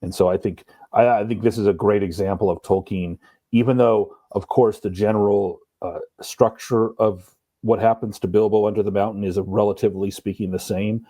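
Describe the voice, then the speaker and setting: A man co-hosting a podcast, talking through a book in a thoughtful, measured way. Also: on the low side, fairly even intonation, warm tone, dry recording. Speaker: podcast co-host. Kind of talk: casual book discussion.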